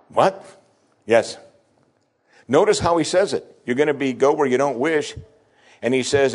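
Expressive male preacher delivering a sermon. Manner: expressive preaching, acting out scripture dialogue with sweeping pitch shifts. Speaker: pastor.

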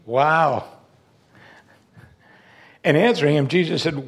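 A man preaching a sermon, moving between loud, raised emphasis and quiet, hushed lines. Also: mid-range voice, moderate pace. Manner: animated, swings from loud emphasis to soft, hushed delivery.

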